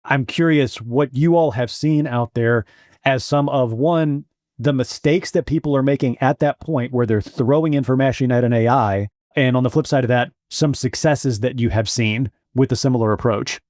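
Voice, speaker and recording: A man co-hosting a podcast who speaks in a measured, even way and builds his questions slowly. His mid-range voice sounds dry and close to the mic. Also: medium pitch, no room sound. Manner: measured, asks long questions. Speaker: podcast co-host. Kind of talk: casual podcast chat.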